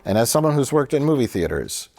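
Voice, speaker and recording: A man's voice: medium pitch, big pitch swings, fast, gravelly, a little mellow. A man co-hosting a film review show, telling a long annoyed story in casual chat, acting out quotes and swearing freely.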